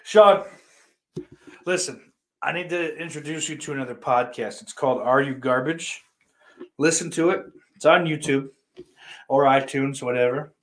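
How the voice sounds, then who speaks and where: A man hosting a casual livestream podcast, reading viewer comments aloud and cursing a lot, sarcastic, his voice swinging between loud and quiet. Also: medium pitch, normal speed, pauses often. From Irish heritage. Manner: profane, sarcastic, with big swings in loudness.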